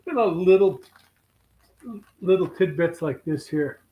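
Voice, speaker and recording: A man's voice: fairly high pitch, a little slow, muffled recording. An older man from Canada, a fishing guest telling rambling, joking stories in casual chat.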